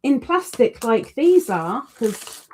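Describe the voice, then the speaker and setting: A woman's voice: fairly high pitch, sing-song, slow pace, a little mellow, slightly rough. A woman hosting a casual crafting livestream, reading out viewer comments with chatty, self-deprecating asides. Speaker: crochet livestream host.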